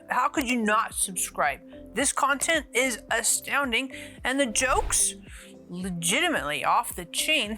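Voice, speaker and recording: A woman's voice: fairly high pitch, sharp tone. A woman teaching the Bible in a casual, chatty way, joking with a teasing sarcastic streak and often restarting her sentences as she explains. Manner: conversational, with frequent restarts while explaining.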